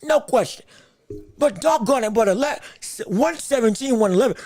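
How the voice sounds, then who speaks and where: A male podcast host giving live commentary on a boxing decision. He talks excitably, repeats himself, breaks into shouts, and greets viewers from the chat. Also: very high-pitched, moderate pace, no echo.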